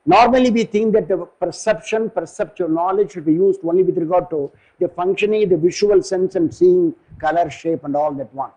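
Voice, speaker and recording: Older man, Indian English accent, philosophy lecture, rambling and halting, mellow husky voice, somewhat high. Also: low-quality recording. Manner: digressive, halting, searches for words.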